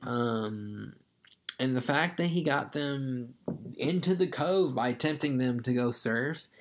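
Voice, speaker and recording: A man with a gravelly, fry-laden voice talks through a film in a relaxed podcast chat. He swears freely and often trails off into fillers before picking the thought back up. His pitch sits in an ordinary middle range. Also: slow, a little hiss or hum. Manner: loose and profane, trails off into fillers. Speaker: podcast co-host. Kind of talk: casual film discussion.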